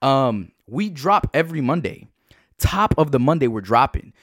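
A man hosting a motivational podcast, energetic and hyped, urging listeners to repeat affirmations after him. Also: mid-range voice, moderate pace, dry recording, clean studio sound. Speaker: podcast host. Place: home.

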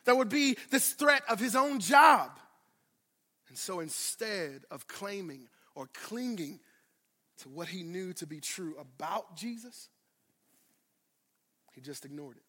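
A man preaching a sermon, swinging from loud declarations to hushed asides and repeating phrases for emphasis. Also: sits high, lively intonation, slow, long pauses, big-room sound. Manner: addresses congregation directly, repeats phrases for emphasis. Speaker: pastor.

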